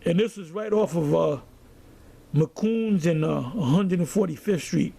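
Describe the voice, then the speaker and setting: Gravelly high-voiced New preacher. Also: male voice, measured pace, warm tone. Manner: storytelling, reads scripture aloud. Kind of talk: sermon.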